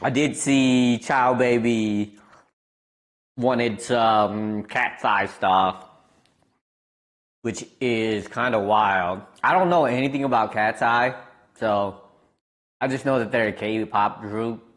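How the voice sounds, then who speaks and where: A man's voice: mid-range voice, takes it slowly, long pauses, a bit bright. A young man from the American Midwest, a streamer chatting casually and rambling as he answers his chat aloud.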